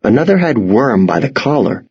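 A man narrating an audiobook in a slow, measured way, with a husky voice. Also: medium pitch, sing-song, darkish tone, muffled recording.

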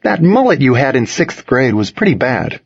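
A man's voice: medium pitch, sing-song, normal speed, creaky, slightly rough, highs cut off, voice pushed up, full character voice. A man voicing a sarcastic, teasing teenage boy in a storybook reading. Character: snarky, protective teenage boy.

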